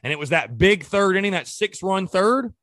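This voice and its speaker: A man hosts a sports talk show and rants in exasperation, throwing out question after question. His voice sits high and swings widely in pitch as he works himself up. The sound is dry and close, with no room around it. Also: animated, moderate pace, fairly bright tone, no room sound. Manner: exasperated, ranting with rhetorical questions. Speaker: sports podcast host. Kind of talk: casual sports commentary.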